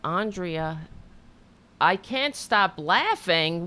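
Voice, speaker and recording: A woman's voice: lowish voice, very animated, a little slow, gravelly, long pauses, fairly bright tone. A middle-aged woman hosting a show, rambling, swearing and mocking herself in a casual chat. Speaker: podcast host. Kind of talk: casual self-deprecating chat after an interview.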